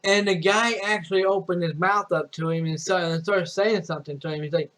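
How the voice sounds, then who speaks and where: A young man with a high voice tells a personal story on his stream. He rambles, restarts his sentences and swears freely as he goes. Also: fairly even intonation, brisk, a bit bright. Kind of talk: casual storytelling.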